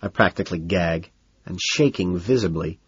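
A man narrating a novel in the first person with a cool, measured, low-key delivery. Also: husky, no room sound, lo-fi sound. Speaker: audiobook narrator.

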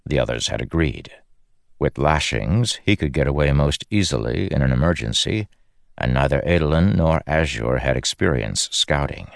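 A man narrating an audiobook in a measured, grave storytelling manner. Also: very deep voice, lively intonation, creaky, no room sound, studio quality.

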